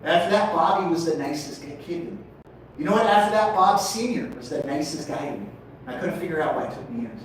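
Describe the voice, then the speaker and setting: A man's voice: a little high, animated, a little fast, slight background noise. A man in his forties from Portland, Oregon, doing crude, profane open mic stand-up and bantering with the crowd in a small venue. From Portland, Oregon, USA. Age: 40s. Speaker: stand-up comedian. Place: small comedy venue, indoors. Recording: echoey venue, distant mic.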